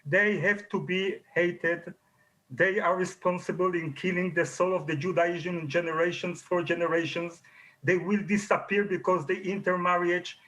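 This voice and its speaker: A man's voice: high-pitched, steady tone, moderate pace, fairly bright tone, rough recording. A man, a rabbi appearing as a guest in a heated debate, speaking bluntly and repeating his condemnations. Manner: blunt, denouncing, repetitive.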